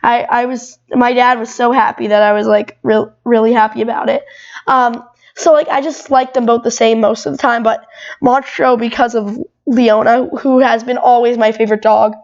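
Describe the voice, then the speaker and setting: A twelve-year-old girl talking as a podcast guest. Her voice sits high, and she rambles freely, filling her sentences with "like" and restarting them often. The recording is a bit dull and muffled. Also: flat delivery, moderate pace. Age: 12 years old. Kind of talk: casual chat.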